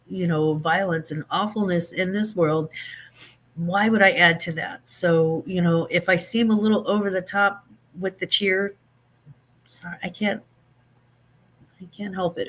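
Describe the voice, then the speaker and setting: A man hosting a casual livestream, chatting animatedly with viewers and reading out their comments. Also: high voice. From Saint Louis. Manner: animated, chatty, drawn-out emphatic phrases. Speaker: livestream host.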